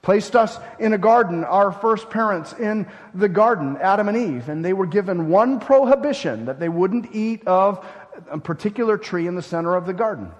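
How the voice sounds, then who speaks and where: High-voiced pastor preaching in a reverberant hall. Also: male voice, lively intonation, normal speed. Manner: emphatic, with wide swings between loud and hushed. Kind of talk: sermon.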